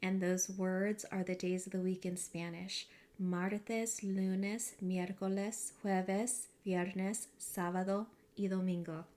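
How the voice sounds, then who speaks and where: A woman teacher reading a picture book aloud to a class, with expressive storytelling and pointers to the illustrations. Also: mid-range voice, takes it slowly.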